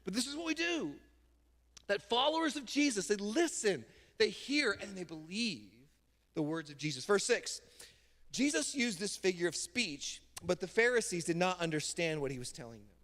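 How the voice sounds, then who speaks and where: A man pastor preaching a sermon from a church stage, casual and emphatic, with sudden loud bursts. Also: high-pitched, big pitch swings, moderate pace. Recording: long hall reverb in a church.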